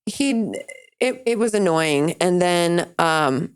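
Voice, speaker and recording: A young woman hosting a casual podcast chat, her speaking voice sitting on the lower side. She tells stories candidly and rambles freely. When she quotes someone, her pitch leaps well above her usual range. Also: expressive, takes it slowly, clean tone. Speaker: podcast host.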